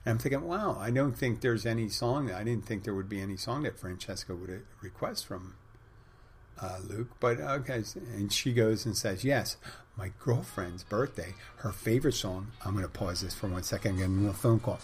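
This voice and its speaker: A man hosts his own podcast, telling stories in a loose, rambling way full of fillers. His voice sits on the low side and has a breathy, husky edge. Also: normal speed. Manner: rambling storyteller with many fillers. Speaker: podcast host; bartender and spin instructor. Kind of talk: casual monologue.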